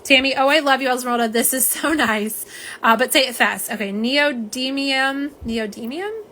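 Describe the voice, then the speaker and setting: A woman's voice: on the high side, a little fast, sharp tone, slight background noise. Chatty woman hosting a live stream. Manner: chatty, talks straight to viewers as "y'all" and reads out chat comments. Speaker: nail polish live-stream host. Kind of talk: casual live-stream chat.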